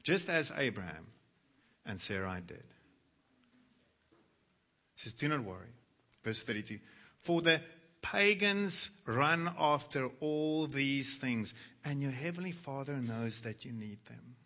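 A man preaching a sermon, reading scripture aloud and moving between hushed, quiet passages and loud, emphatic quoted lines. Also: mid-range voice, animated, slow pace, pauses often. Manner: dramatic, swings from hushed to loud when quoting scripture. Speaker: pastor.

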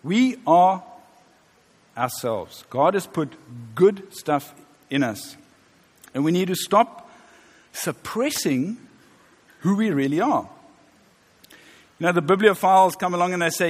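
A high-voiced man in his fifties preaches a sermon in a conversational, joking way. His voice carries through a reverberant church hall with a long tail. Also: lively intonation, slow pace, long pauses. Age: 50s. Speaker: pastor.

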